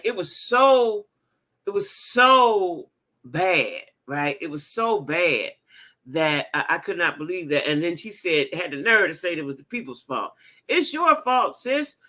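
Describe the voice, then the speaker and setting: A woman in her fifties telling a story in a casual vlog, animated and emphatic, laughing as she talks. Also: on the low side, measured pace. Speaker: vlogger.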